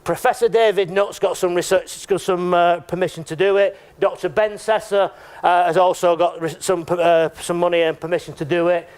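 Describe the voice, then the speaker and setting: High-voiced man giving a joking talk. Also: fairly even intonation, moderate pace, a little mellow, clean tone. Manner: chatty and joking, with frequent tag questions. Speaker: conference speaker. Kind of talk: conference talk. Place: lecture room.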